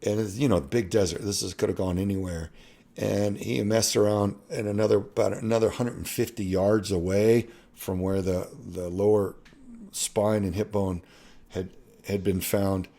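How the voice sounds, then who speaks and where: Deep mellow-voiced man telling a story. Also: steady tone. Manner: halting, earnest, often trailing off softly. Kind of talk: personal storytelling.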